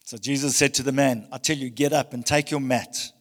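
A male pastor preaching a passionate sermon, swinging between loud emphasis and hushed tones. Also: mid-range voice, fairly even intonation, a little fast, in a large hall. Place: church hall.

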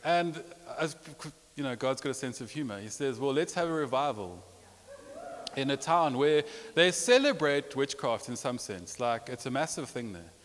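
Pastor in a reverberant hall. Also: male voice, medium pitch, lively intonation, moderate pace. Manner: storytelling with rising emotion and repetitions. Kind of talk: sermon. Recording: long reverb of a large hall.

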